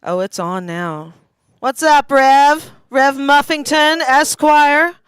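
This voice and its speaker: A woman's voice: sits high, slow pace, dry recording. Wry mid-forties woman doing stand-up. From East Tennessee. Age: 40s. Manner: wry, self-deprecating, laughs at own jokes. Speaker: stand-up comedian. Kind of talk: stand-up comedy set. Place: small live comedy venue.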